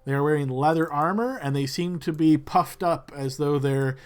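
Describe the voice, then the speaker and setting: A man's voice: a little high, moderate pace, smooth. A man narrating as game master for a tabletop role-playing game, describing scenes in a loose way with many fillers.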